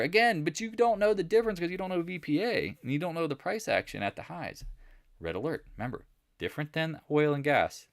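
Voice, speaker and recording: Animated, jokey male market host. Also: fairly high pitch, brisk, vocal fry, dry recording, clean studio sound. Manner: animated, jokey, mimics imagined viewers and accents. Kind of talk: casual live market commentary.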